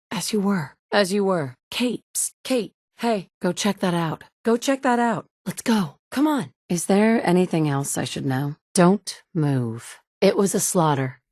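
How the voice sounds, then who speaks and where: A woman's voice: fairly low pitch, lively intonation, unhurried, few pauses, darkish tone, no echo. An actress voicing a resourceful woman survivor in a studio game, dry and sometimes sarcastic. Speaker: player character. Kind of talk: game dialogue lines.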